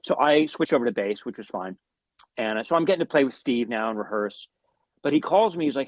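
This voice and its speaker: A man, a guest musician, telling animated anecdotes in an interview, swearing often and restarting his sentences. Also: medium pitch, fairly quick, no echo. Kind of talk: storytelling in an interview.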